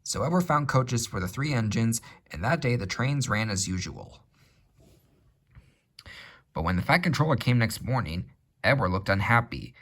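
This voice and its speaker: A man reading a children's railway storybook aloud in a measured, expressive way. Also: medium pitch.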